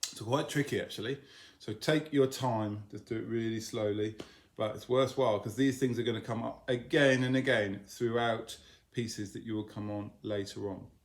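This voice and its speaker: A man teaching a violin lesson in a relaxed, explanatory way, often singing phrases of the tune on nonsense syllables. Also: on the low side, moderate pace. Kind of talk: instructional lesson video.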